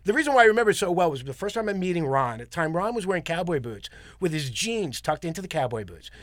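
A man from Long Island, a comedian guest, telling lively anecdotes and acting out the people in them in a casual interview. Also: a little high, fast talker, no echo, clean studio sound. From Long Island, New York. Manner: animated anecdotes with acted-out quotes.

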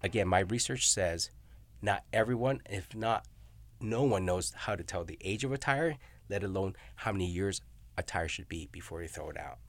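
A man's voice: low voice, expressive, normal speed. A middle-aged man, a professor, talking casually and telling stories with frequent tag questions like "you know?" and "right?". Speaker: university researcher and professor. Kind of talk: casual academic discussion.

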